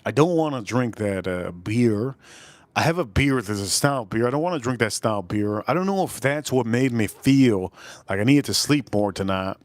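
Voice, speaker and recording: Man, streamer, casual tasting host. Rambles and repeats himself, voice slightly deeper and a bit under the weather. Dry, close sound. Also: expressive, moderate pace, no echo. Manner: rambling, repeats phrases, gives chat shout-outs. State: voice turning deeper, feeling a bit ill. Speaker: live-stream whiskey reviewer.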